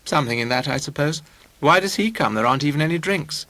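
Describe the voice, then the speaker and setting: A man voicing a poised, mature woman who speaks in a very clear, dry, ironic way. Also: on the high side, expressive, fast, pushed and bright, no echo, pitched above the performer's own voice. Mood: wry. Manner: abnormally clear, dry irony.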